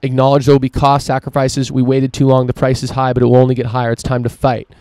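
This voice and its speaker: A man's voice: mid-range voice, completely flat delivery, fast talker, mellow, dry recording. A man hosting a solo opinion podcast, ranting emphatically and swearing freely. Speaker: podcast host.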